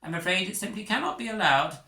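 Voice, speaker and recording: A man's voice: sits high, expressive, fast talker, sharp tone, voice pushed up. A man voicing a flustered, fussy male school official who stammers in formal phrases. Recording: echoey room.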